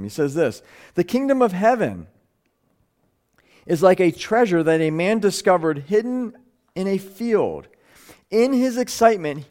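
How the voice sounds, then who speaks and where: A man's voice: on the high side, darkish tone. A man preaching a live sermon to a gathering, earnest, often stumbling over words and restarting phrases, his voice rising and speeding up when he stresses a point.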